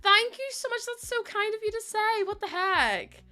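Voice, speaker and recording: A woman's voice: very high voice, lively intonation, normal speed, pushed and bright. A woman streaming live, chatting casually with her viewers, greeting them and laughing often.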